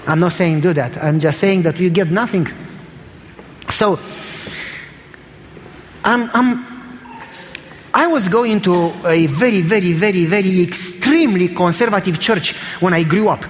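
A man's voice: high voice, a little slow, pauses often, in a large hall, slight background noise. A man preaching a sermon in a church, telling stories in an emphatic, conversational way.

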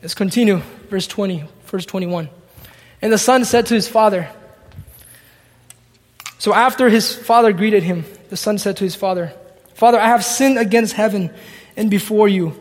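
A man's voice: high voice, moderate pace, long pauses, long reverb tail. A man preaching a sermon, reading scripture aloud and acting out its dialogue. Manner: expository, reads scripture and acts out the dialogue.

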